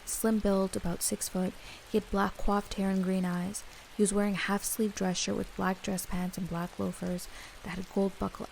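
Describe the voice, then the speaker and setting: Young woman narrator with a gravelly edge, steady read of a creepy story. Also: lowish voice, a little hiss or hum, poor audio. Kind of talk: scripted first-person horror narration.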